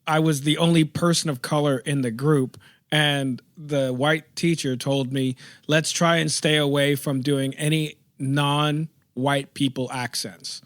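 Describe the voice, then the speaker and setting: A man's voice: fairly high pitch, fairly even intonation, unhurried, dry recording, clean studio sound. A man co-hosting a podcast, casually telling a personal story. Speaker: podcast co-host. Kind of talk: casual chat, personal anecdote.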